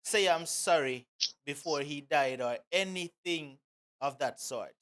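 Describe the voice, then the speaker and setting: An interviewer asking gentle, hesitant questions. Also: mid-range voice, measured pace. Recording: quiet voice, distant from the mic.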